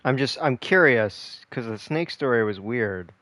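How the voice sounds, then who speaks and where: A man's voice: medium pitch, expressive, measured pace, fairly bright tone, no room sound. A young man casually commenting on a game he is playing, rambling with lots of fillers and swearing. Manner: rambling, profane, trailing fillers. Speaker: gamer.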